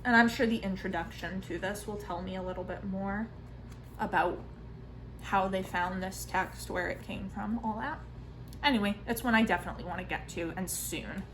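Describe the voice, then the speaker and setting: A woman in her thirties chatting casually in a book vlog, self-mocking and full of quick asides. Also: medium pitch, a bit bright, slight background noise, poor audio. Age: 30s. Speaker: book vlogger.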